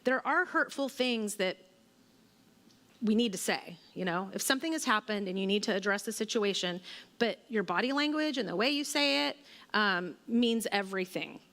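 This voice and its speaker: A woman's voice: medium pitch, expressive, moderate pace, a bit bright. A woman in her forties giving a church teaching talk to women, conversational and relatable, with personal stories and fillers. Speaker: women's ministry speaker. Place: church hall. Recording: long hall reverb.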